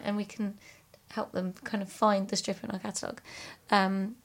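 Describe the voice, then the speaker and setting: A woman, an archivist co-hosting a podcast, chatting in a relaxed way and laughing easily. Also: medium pitch, normal speed, vocal fry, few pauses. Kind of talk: casual podcast chat.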